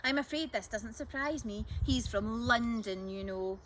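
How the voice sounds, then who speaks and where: A woman's voice: a little high, unhurried, a little hiss or hum, close to an everyday voice. A woman doing a squawking, fussy old lady. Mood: indignant. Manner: squawking, tutting and scolding. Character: fussy indignant old woman who muddles her words.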